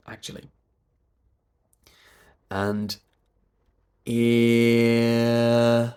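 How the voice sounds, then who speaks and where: A man with a British RP accent and a stuffy nose, coaching pronunciation by stretching vowel sounds very slowly. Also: medium pitch, a little mellow. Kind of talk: slow demonstration of vowel sounds.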